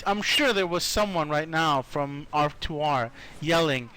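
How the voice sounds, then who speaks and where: A man's voice: on the high side, expressive, unhurried, sharp tone, smooth. A man co-casting a live online game match, adding dry, joking remarks. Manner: wry, joking color remarks. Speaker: co-caster.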